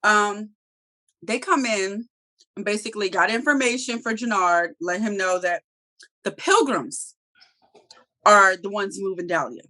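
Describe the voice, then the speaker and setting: A woman co-hosting a review show in casual chat, talking in an animated, profane way and acting out characters' lines. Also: medium pitch, unhurried, long pauses. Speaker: TV review podcast co-host.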